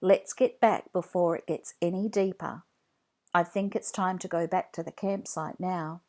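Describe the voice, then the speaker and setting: A woman's voice: on the low side, steady tone, measured pace, a little mellow. A woman reading a children's storybook aloud, voicing a caring father who speaks firmly but kindly. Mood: reassuring. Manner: firm, then reassuring.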